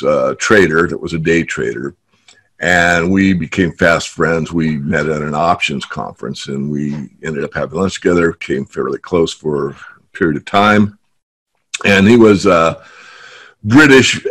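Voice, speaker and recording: Husky low-voiced man, animated trader. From San Francisco Bay Area. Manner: animated storyteller, jokes. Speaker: guest, trader. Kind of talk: casual interview talk.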